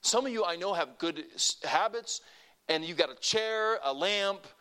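Preacher guy talking to his church, kinda higher voice, gets loud then goes real quiet. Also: animated, unhurried, clear, resonant tone. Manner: earnest, rising to emphatic peaks then dropping soft; conversational, with restarts and asides to the congregation. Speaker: pastor. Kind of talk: sermon.

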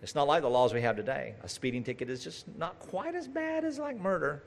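A man delivers a sermon in a casual, direct way, full of asides and questions to the listeners. His voice sits a little high and swings widely up and down as he talks. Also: lively intonation, brisk, vocal fry. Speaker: preacher. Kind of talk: conversational sermon.

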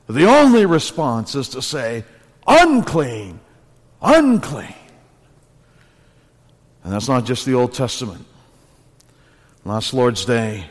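A man preaching a sermon in church, earnest and building to emphatic repeated phrases. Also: medium pitch. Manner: earnest, rising to emphatic repetition. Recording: long reverb of a church hall.

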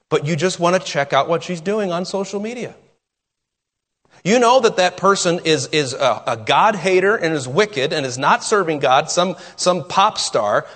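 A man delivers a sermon with sudden emphatic climbs in pitch and pointed rhetorical questions. His voice sits a touch high and moves animatedly. The sound carries a long reverb, like a church sanctuary. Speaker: pastor.

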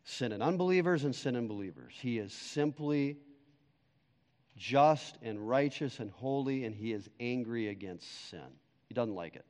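A man preaching a sermon as pastor, emphatic, swinging between loud declarations and hushed, quiet stretches. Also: medium pitch, animated, moderate pace, big-room sound.

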